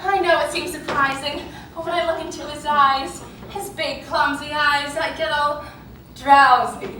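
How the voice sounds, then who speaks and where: A woman's voice: high-pitched, steady tone, measured pace. A woman playing a tipsy, sardonic older chaperone with a languid, drawling dry wit. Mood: drowsy, sly. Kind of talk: amateur stage musical acting. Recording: echoey hall, mic far from stage, noisy.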